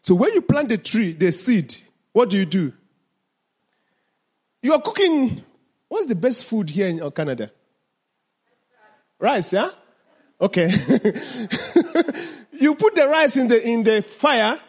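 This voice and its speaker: Man, high voice, husky tone, question-and-answer teaching, slow stressed key words. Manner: asks the audience questions and answers them himself. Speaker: mindfulness teacher. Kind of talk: teaching talk to an audience.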